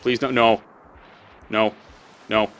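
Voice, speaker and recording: Low-voiced man cursing at game creatures. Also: level tone, takes it slowly, a bit bright. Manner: swears often, talks back at game creatures. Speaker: let's play host. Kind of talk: casual gameplay commentary.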